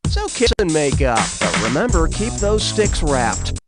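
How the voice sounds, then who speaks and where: Brash quiz host, high lively voice, loud backing music. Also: male voice, measured pace. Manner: brash, jokey, animated. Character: brash wisecracking male quiz host Cookie. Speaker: game show host. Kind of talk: wisecracking quiz show hosting. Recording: game audio over loud music.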